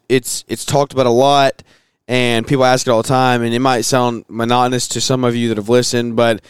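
A man in his thirties hosting a podcast, talking casually with a hoarse voice and plenty of fillers and restarts. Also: mid-range voice, no room sound, studio quality. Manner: chatty, rambling with fillers and restarts. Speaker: podcast host.

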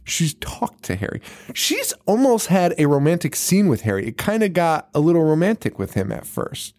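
A man's voice: on the high side, very animated, normal speed, darkish tone. A man co-hosting a podcast, chatting casually and profanely as he recaps a movie, laughing and acting out scenes. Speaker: podcast co-host.

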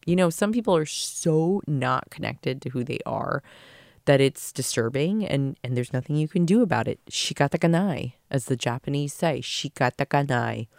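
A woman's voice: a bass voice, animated, normal speed, gravelly, darkish tone, no echo, studio quality. A woman hosting her own podcast, giving an earnest, emotional motivational talk and swearing casually. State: tearful at times. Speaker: podcast host.

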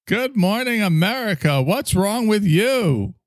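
A man's voice: sits high, lively intonation, unhurried, dry recording, clean studio sound, pitched above the performer's own voice. Man putting on a chirpy morning TV host voice. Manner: perky, singsong, forcedly cheerful. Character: overly chipper morning TV show host, adult man.

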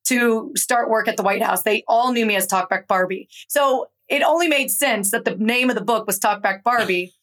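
A young adult woman from Georgia, a guest author telling her story in an animated, conversational interview. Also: fairly high pitch, normal speed, few pauses. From Atlanta, Georgia. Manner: animated, acts out quoted voices in her stories.

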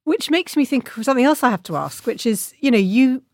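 Woman interviewer, higher voice, probing and measured, dry sound. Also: animated, dry recording. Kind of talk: conversational interview questions.

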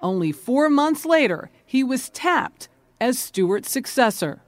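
A woman narrating a news feature as correspondent, with a measured storytelling delivery. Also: sits high, sing-song, no room sound.

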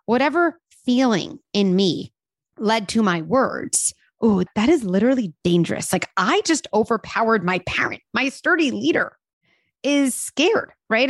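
A woman's voice: mid-range voice, no echo. Earnest woman explaining parenting, dry sound. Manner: earnest, explanatory, acts out quoted voices. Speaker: parenting expert and host. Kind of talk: casual podcast explanation.

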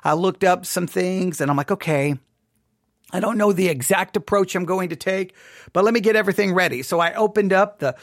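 A man with a fairly high voice tells a rambling, self-deprecating story in casual devotional podcast talk. He sounds chatty and open with his listeners. The studio microphone gives a dry, close sound with no room echo. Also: a little fast. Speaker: podcast host. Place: home studio.

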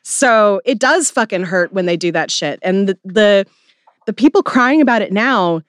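A woman's voice: mid-range voice, animated, moderate pace, no echo, clean studio sound. A woman podcast host in casual chat, talking bluntly and swearing freely.

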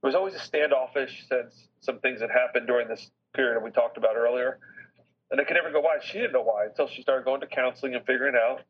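A middle-aged man speaking as an interview guest, earnest and heartfelt, pausing to reflect as he tells a personal story. His voice is husky, and it comes through a slightly dull, lo-fi recording. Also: mid-range voice. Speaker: business chairman as podcast guest.

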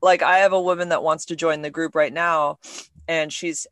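A woman hosting a podcast, telling stories in an animated, emotional way. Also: deep voice, normal speed, dry recording. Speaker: podcast host. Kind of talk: casual podcast conversation.

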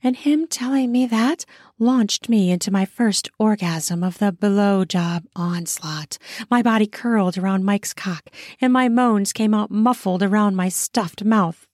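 Soft, intimate woman reading an erotic story. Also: medium pitch, dry recording, clean studio sound. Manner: intimate, soft, drawn-out delivery. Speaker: narrator. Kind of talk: first-person erotic audio story reading.

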